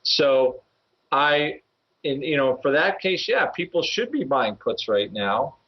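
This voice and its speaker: A man of ordinary pitch who rambles through market talk on a podcast. He pads his points with fillers and chuckles. The audio is a little dull and muffled. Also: sing-song, slow pace, husky. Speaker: options trader and regular co-host.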